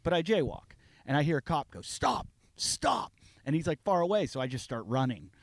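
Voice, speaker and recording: On a podcast, a male co-host casually spins a long story in a slightly high voice, talking fast. He animatedly plays both sides of the conversation, voicing himself and others. There's no room sound.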